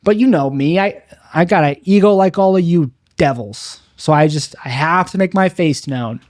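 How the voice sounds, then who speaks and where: A man's voice: on the high side, normal speed, a little mellow, no echo, clean studio sound. A young man doing a confessional stand-up monologue, rambling and bitter, mocking himself with frequent restarts. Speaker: stand-up comedian.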